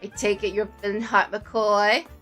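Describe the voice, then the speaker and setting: A woman's voice: mid-range voice, little pitch movement, unhurried, fairly bright tone, faint music behind, voice pushed down. A woman voicing a composed, unflinching female lawyer mentor in a visual novel read-aloud.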